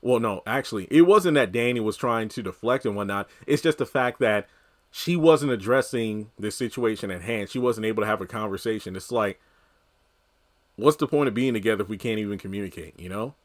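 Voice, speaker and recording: A man's voice: fairly low pitch, brisk. A man giving casual, rambling commentary, heavy on filler words. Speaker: TV recap commentator.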